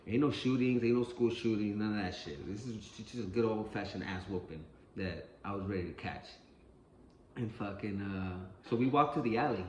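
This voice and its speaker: A man with a lowish voice tells a street story at normal speed, casual, rambling and profane, repeating himself often. There's a little hiss or hum, roomy echo and faint ambience in the recording.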